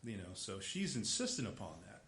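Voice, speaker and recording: A low-voiced man gives an informal lecture, retelling a story in a loose, rambling way. He fills pauses with "uh" and "you know" and keeps correcting himself as he goes. The recording sounds roomy and echoey, with a faint hiss underneath. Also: sing-song, fairly bright tone. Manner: rambling, filler-heavy, self-correcting. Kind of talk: casual lecture retelling an opera plot.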